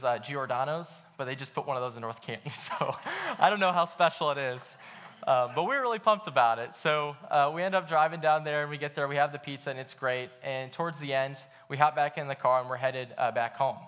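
A young man gives a sermon at church in a laid-back, storytelling way, full of "uh"s and "like"s. His voice sits a little on the higher side. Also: brisk, a bit bright. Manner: casual storytelling with many fillers. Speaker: pastor.

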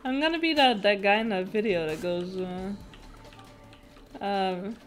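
A young woman streams a video game, chatting casually and swearing and laughing as she reacts to the action. Her medium-pitched voice moves a little slowly, with faint music behind.

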